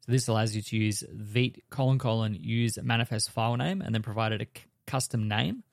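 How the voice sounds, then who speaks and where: A man co-hosting a podcast who goes through software changes one by one, steady and explanatory. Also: fairly low pitch, fairly quick, gravelly, no room sound, studio quality. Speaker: podcast co-host. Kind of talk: technical news rundown.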